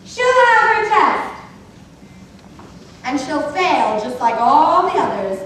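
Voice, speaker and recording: A domineering queen, played by a young woman, high and swooping, slow and scornful. The voice is distant and ringing in a big hall. A faint audience murmur is heard. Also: big pitch swings, a bit bright, slight background noise, exaggerated voice. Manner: bossy and scornful. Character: domineering, scheming middle-aged queen. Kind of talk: school stage musical acting. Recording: echoey hall from far off.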